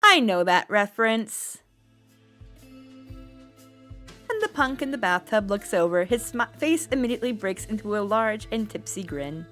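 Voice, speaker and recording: A woman streamer reading a visual novel aloud in first person, with expressive, playful narration. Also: mid-range voice, measured pace, pauses often, faint music behind.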